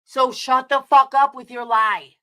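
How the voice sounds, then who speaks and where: Streamer, woman, New York accent; high, sharp voice, angry profane rant at her chat. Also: fairly even intonation, measured pace, smooth. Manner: heated, profane, confrontational, answering chat.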